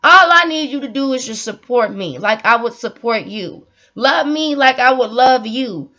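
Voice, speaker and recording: Earnest high-voiced woman sharing her story. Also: lively intonation, normal speed, sharp tone. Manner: earnest, heartfelt, repeats herself for emphasis. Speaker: vlogger. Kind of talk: emotional personal storytelling. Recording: dull lo-fi audio.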